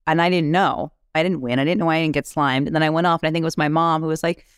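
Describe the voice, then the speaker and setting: A woman telling candid stories as a podcast guest, animated, laughing often and swearing casually. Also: low-pitched, quick pace, clean tone, no room sound, clean studio sound. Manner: animated, laughing, acts out quotes. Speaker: actress guest.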